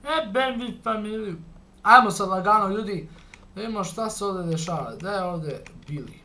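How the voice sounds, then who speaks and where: A young man from Serbia with a Serbian accent, commentating a game playthrough, excitable and swearing, reading game lines aloud. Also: high-pitched, fairly quick, slight background noise. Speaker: gamer. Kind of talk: let's play commentary.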